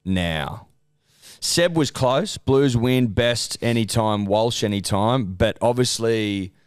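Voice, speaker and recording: A man's voice: medium pitch, takes it slowly, clean tone, no echo, clean studio sound. A man with an Australian accent, co-hosting a betting podcast, blunt and sweary with mock indignation. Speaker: podcast co-host. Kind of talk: casual betting podcast chat.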